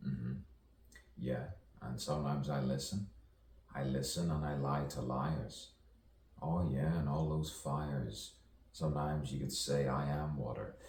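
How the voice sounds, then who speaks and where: Spoken-word poet, man, very deep slow gravelly delivery, rambling and chant-like, roomy echo. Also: a little mellow. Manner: rambling, repetitive chant-like phrasing with chuckles. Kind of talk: improvised stream-of-consciousness poem. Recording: echoey room, distant mic, faint noise.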